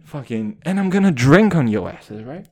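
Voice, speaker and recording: Animated, foul-mouthed man ranting. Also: mid-range voice, normal speed. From Russia. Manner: swearing, rambling, riffing on tangents; animated, calls the listener dude. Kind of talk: profane comedic rant.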